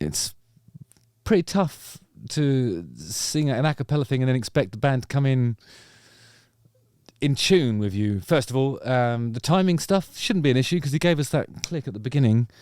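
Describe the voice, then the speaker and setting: The host of a YouTube channel speaks at normal speed in a slightly mellow, medium-pitched voice with lively intonation. Recorded cleanly in a studio with no echo, he offers playful, jokey commentary on music performers, drifting into mock voices.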